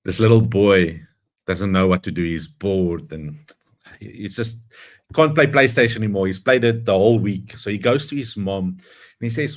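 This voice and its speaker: A man speaks in a fairly low voice, delivering a motivational speech with earnest conviction. He tells a story as he goes and leans hard on the phrases he wants to land. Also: normal speed. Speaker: guest speaker.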